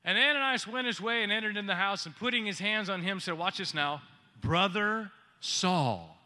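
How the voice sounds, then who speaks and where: Speaking fast in a high voice, a pastor delivers a lively sermon. He cracks jokes and throws questions out to his congregation.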